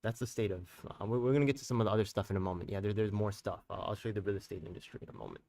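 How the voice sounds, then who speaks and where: A man hosting a live stream as a community activist. He talks in a heated, profane, rambling way, full of street slang, and keeps turning to his viewers with quick tag questions. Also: lowish voice, vocal fry, dark tone, far from the mic.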